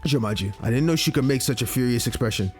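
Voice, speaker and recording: A man's voice: medium pitch, animated, fast, darkish tone, soft background music. A man reading a visual novel aloud and reacting casually, with frequent swearing. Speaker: let's play gamer.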